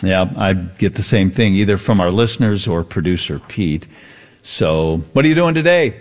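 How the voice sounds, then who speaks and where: A man's voice: low-pitched, animated. A man co-hosting a radio show, chatting casually and telling a rambling anecdote. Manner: easygoing storyteller, drawn-out anecdotes. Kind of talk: casual on-air chat.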